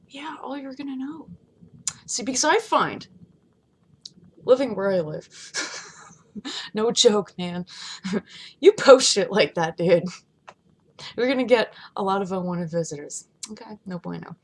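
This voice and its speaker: Chatty laughing woman vlogger. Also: medium pitch. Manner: chatty, laughing often, swinging between loud outbursts and hushed asides. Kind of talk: casual vlog rant. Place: home, not in her studio.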